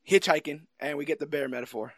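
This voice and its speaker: A man co-hosting a casual podcast, retelling a film with animated energy and frequent laughter. His voice sits a little high, and the sound is dry and close. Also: fast, dry recording. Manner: animated, laughing, acts out scenes. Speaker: podcast co-host. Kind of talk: casual movie review chat.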